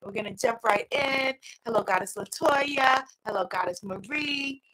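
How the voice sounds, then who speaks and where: Middle-aged New York woman, high and bright, lively sing-song host energy. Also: moderate pace, a little hiss or hum, poor audio. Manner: energetic, sing-song greetings, laughs often. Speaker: host of a weekly inspirational livestream. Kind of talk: upbeat livestream chat.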